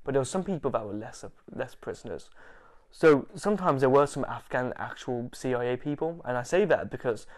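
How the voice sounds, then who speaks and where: An animated man talking as an interview guest, telling stories in a casual way. He laughs often, swears freely and slips into acting out what other people said. His voice sits at a middle pitch for a man. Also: brisk. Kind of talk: casual storytelling.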